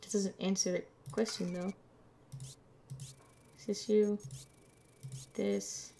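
A woman streaming a game, talking half to herself in a slow, unhurried way as she checks things over. Her voice has a gravelly, fry-edged texture, and keyboard typing clicks sit faintly behind her. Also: mid-range voice, little pitch movement, mellow, a little hiss or hum. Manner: muttering to herself while checking documents, playful. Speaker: gameplay streamer. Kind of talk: casual let's-play commentary.

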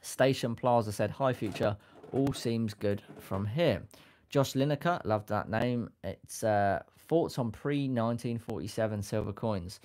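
A man with a slightly low voice hosts a relaxed live stream. He reads out viewers' comments in a goofy, chatty way and is quick to laugh at himself. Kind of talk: casual live-stream chat, reading out comments. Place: home setup with a sticker backdrop.

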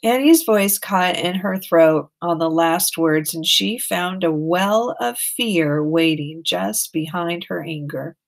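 A woman narrating an audiobook in a plain, steady storytelling manner. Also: on the low side, takes it slowly, creaky, few pauses. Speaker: audiobook reader.

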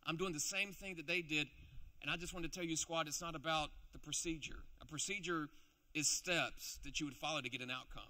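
A man's voice: fairly high pitch, brisk, sharp tone. A man preaching a youth sermon in a playful storytelling way, acting out the characters' lines in the story he tells. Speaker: youth pastor.

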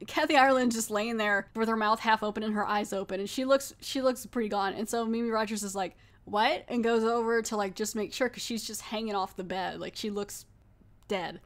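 A woman's voice: medium pitch, fairly even intonation, fairly quick. A woman hosting a podcast who recaps a TV episode in a casual, chatty way, laughing and mockingly acting out the characters' lines. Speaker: podcast host.

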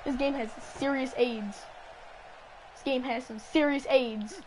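Trash-talking high-voiced woman gamer. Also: fairly even intonation, unhurried, a little hiss or hum, rough recording. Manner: teasing trash talk, repeats lines, bursts into yelling. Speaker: gamer playing a wrestling video game. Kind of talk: casual gaming commentary.

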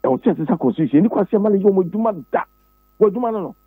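Speaking very fast and with great animation, a Ghanaian man with a husky voice, a pastor and ex-presidential candidate, argues politics as an interview guest in Twi mixed with English. He is preachy and insistent, repeating words as his voice jumps sharply higher on key points. The recording is dry and narrow like a phone call, without room sound.

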